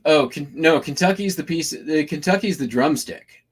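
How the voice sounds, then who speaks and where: A man's voice: on the high side, expressive, normal speed, slightly rough. A man hosting a casual shipping vlog, talking loosely with lots of fillers while describing hand gestures. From Washington state, US. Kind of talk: casual rambling chat.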